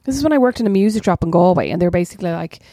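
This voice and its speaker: A woman in her thirties co-hosts a podcast, rattling off stories at a quick clip. She is candid and self-mocking, swearing freely. Her voice sits close and dry, with no room around it. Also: fairly low pitch, animated, dark tone, dry recording. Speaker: podcast co-host. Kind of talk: casual sisters' chat.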